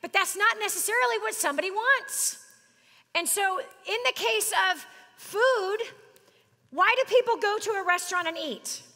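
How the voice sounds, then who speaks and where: A middle-aged woman speaks from the stage with a high, bright voice that carries. She talks to the audience in an animated, joking way, and her words ring out with the long reverb of a big hall. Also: normal speed. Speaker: business speaker. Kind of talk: live seminar talk.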